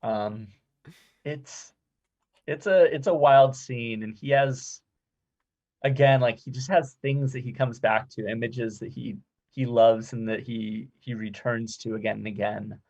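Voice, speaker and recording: Man, podcast guest, measured and thoughtful, mid pitch, muffled lo-fi sound. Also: fairly even intonation, darkish tone. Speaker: guest screenwriter. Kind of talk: casual film discussion chat.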